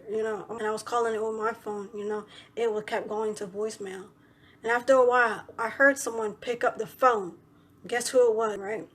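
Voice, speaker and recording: A woman's voice: on the high side, fairly even intonation, moderate pace. A young woman vlogger telling a story in a casual, rambling way, full of "you know" and "right".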